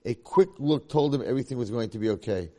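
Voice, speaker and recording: A man's voice: mid-range voice, fast talker, dark tone. A man teaching a religious lecture, telling a moral story and repeating key points for emphasis. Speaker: Torah teacher.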